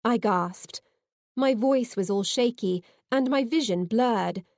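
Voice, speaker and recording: Woman, audiobook narrator, first-person storytelling, slow pace, dry close-mic sound. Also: fairly high pitch, dry recording. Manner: lively, expressive dialogue reading.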